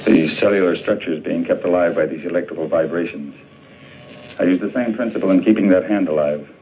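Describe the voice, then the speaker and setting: A cold, arrogant scientist with a very deep voice, lecturing coolly. The sound is a tinny, narrow old film soundtrack with faint hiss behind it. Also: male voice, fast talker.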